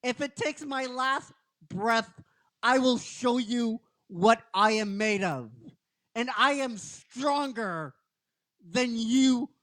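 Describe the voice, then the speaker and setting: A man voicing a defiant teenage girl hero who cries as she shouts her defiance up at the sky. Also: very high-pitched, takes it slowly, pitched above the performer's own voice, full character voice. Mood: tearful defiance. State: crying.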